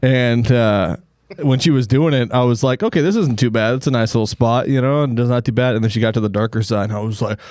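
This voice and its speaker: A man hosting a comedy podcast in relaxed, laid-back chat. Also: medium pitch, fast talker, dry recording. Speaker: podcast host. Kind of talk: casual chat.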